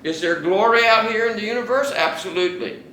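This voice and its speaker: A man's voice: high voice, fairly quick, sharp tone, echoey room, distant mic, rough recording. A man teaching a Bible study to a small class in a casual, conversational way, often restarting sentences and asking the group questions.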